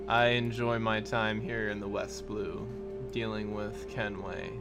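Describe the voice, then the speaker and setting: A man voicing a sadistic, calm male pirate captain who speaks with slow menace, over background music. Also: on the low side. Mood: scheming.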